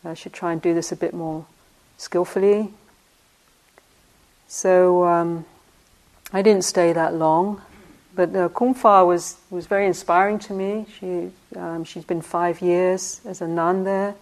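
With a lowish, fairly even voice, an unhurried older meditation teacher from the United Kingdom reflects on her past through anecdotes. She often breaks into laughter and adds gentle asides.

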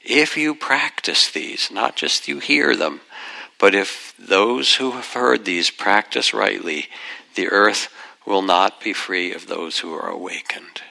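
An older man leads a dharma talk, telling old teaching stories gently and without hurry. His voice sits very low with a gravelly edge. Even so, the tone comes across bright and forward. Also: poor audio. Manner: gentle, unhurried, reflective, softens into asides. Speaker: meditation teacher.

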